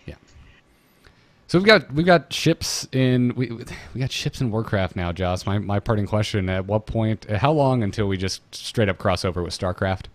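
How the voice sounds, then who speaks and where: A man co-hosting a podcast, chatting casually about a game, relaxed and jokey, often stumbling into restarts. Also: lowish voice, moderate pace, no room sound. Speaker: podcast co-host. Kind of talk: casual gaming chat.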